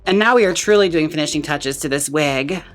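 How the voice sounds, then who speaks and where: This wig stylist and vlogger has a slightly high, somewhat bright voice and a fairly quick pace, with faint music in the background. He chats playfully while styling a wig, walking viewers through every step in a relaxed tutorial.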